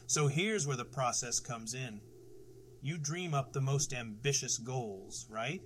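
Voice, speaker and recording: A man's voice: medium pitch, fairly bright tone, slight background noise. A middle-aged man hosting a motivational podcast, talking emphatically, swearing for emphasis and tossing in rhetorical "right?"s. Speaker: podcast host.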